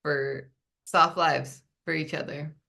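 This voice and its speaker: Lower-voiced woman co-host with dry banter. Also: fairly even intonation, takes it slowly, gravelly, bright, forceful tone. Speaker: podcast co-host and relationship coach. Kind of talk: casual podcast chat.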